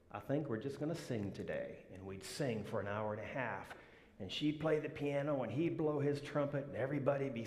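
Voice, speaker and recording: A man's voice: medium pitch, a little mellow. A male minister giving a sermon in a church, telling stories in a humorous, folksy way. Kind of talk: sermon with storytelling. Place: church sanctuary. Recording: echoey church hall reverb.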